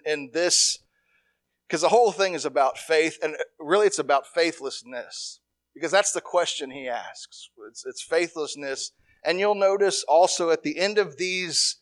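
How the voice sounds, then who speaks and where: A man's voice: fairly high pitch, a bit bright. Man teaching the Bible in a loose, chatty way. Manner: conversational, with frequent restarts and repeated words. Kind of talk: informal Bible study teaching.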